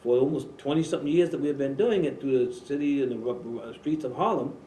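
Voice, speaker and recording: A man hosting a religious talk show, preaching in a slow, emphatic way with repeated phrases. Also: mid-range voice, warm tone, reverberant, slight background noise, rough recording. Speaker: imam and show host. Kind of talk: religious talk radio conversation.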